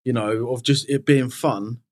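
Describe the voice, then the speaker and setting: A man's voice: mid-range voice, steady tone, a little slow. A man talking frankly as a podcast guest in casual conversation, rambling and swearing freely, with lots of "you know".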